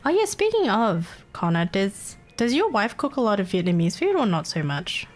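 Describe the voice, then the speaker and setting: A woman's voice: medium pitch, sing-song, normal speed. A young Australian woman streaming live, chatting casually in a rambling, giggly, playfully crude way.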